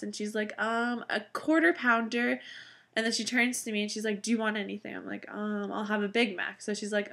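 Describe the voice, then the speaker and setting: Young woman vlogger rambling through a night-out story, chatty and animated. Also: mid-range voice, brisk, vocal fry. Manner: chatty, animated, frequent "like" fillers and laughs. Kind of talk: casual storytelling to camera.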